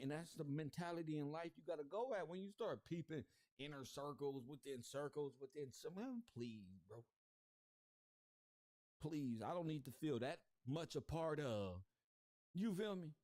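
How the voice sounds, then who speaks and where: Confrontational livestream host, a man, slangy and repetitive, slightly high voice, dry close sound. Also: lively intonation, moderate pace, darkish tone, dry recording. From South Central Los Angeles. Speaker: YouTube commentary host. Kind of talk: livestream commentary rant.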